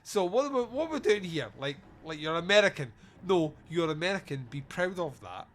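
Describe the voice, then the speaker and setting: A man's voice: fairly high pitch, sing-song, brisk. A man hosting a podcast, recapping a film in casual, sweary, joking chat. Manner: sweary, jokey, quotes scenes in put-on voices. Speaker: podcast host.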